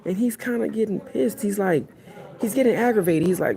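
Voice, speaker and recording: Rambling mellow-voiced male preacher. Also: sits high, expressive, quick pace. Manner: repetitive, keeps asking "you see what I'm saying". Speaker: self-styled high priest preaching online. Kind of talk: rambling live-streamed preaching. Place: airplane cabin.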